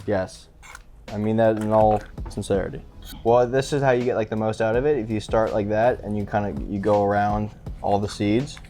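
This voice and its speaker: A man's voice: fairly low pitch, fairly even intonation, normal speed, dark tone. A man hosting a casual cooking show, chatty and easygoing as he walks through each step.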